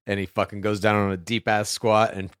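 A man co-hosting a comedy podcast, riffing in a laid-back, deadpan way. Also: on the low side, a little fast, smooth, dry recording, clean studio sound. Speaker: podcast co-host. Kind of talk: casual comedic banter.

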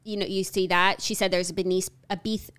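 A woman co-hosting a casual chat, blunt and quick to agree, with casual swearing. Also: on the low side, level tone, a bit bright, smooth. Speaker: podcast co-host.

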